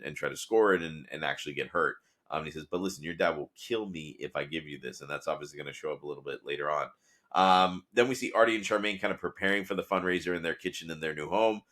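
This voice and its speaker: A man with a low voice talks quickly through a casual podcast recap. He rambles and fills pauses with ums and uhs as he paraphrases scenes. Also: sharp tone. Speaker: podcast host recapping episodes. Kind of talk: casual analytical commentary.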